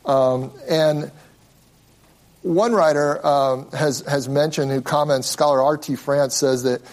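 A man leads a Bible study in a relaxed, conversational style, explaining things as he goes and frequently restarting his sentences. His voice is fairly high and his pace slow.

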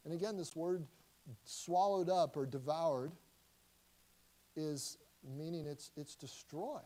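Man preaching, mellow, conversational. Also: on the high side, poor audio. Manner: conversational preaching with many restarts and emphatic slow lines. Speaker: pastor. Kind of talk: sermon.

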